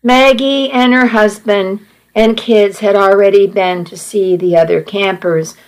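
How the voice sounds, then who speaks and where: A woman's voice: medium pitch, fairly even intonation, a little slow, rough recording. A woman narrating a first-person story in a plain, earnest reading voice.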